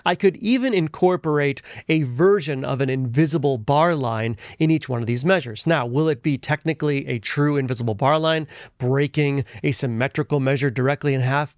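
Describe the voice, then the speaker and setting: A man's voice: mid-range voice, dry recording, studio quality. A man teaching a music lesson, explaining methodically step by step as he marks up a score.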